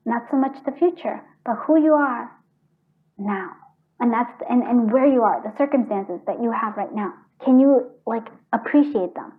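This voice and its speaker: A woman's voice: a little high, normal speed. A woman doing a casual tarot card reading, chatty and earnest, thinking aloud and restarting her sentences. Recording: tinny phone-like sound.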